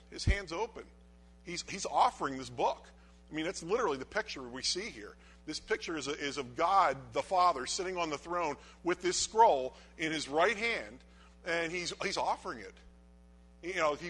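A man preaching a sermon, reading scripture aloud and dropping to a hushed, low voice for the verses, then rising to loud urging, with frequent restarts. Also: slightly rough.

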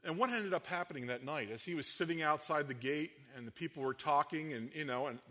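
Bright-voiced man preaching a sermon. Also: fairly quick, hardly any pauses. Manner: conversational preaching with frequent fillers and repeated restarts; rises in pitch and volume when acting out quoted speech. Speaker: pastor.

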